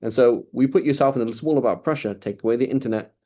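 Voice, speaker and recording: A man's voice: mid-range voice, quick pace, warm tone. A middle-aged man giving an informal lecture as an Islamic studies teacher, talking casually with many fillers and restarts.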